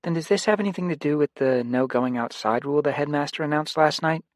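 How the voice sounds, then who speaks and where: A man's voice: a little high, fast, no echo, studio quality, voice pushed up, close to an everyday voice. A man voicing an anxious middle-school girl with psychic gifts, asking pleading, breathless questions in an audiobook. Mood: worried.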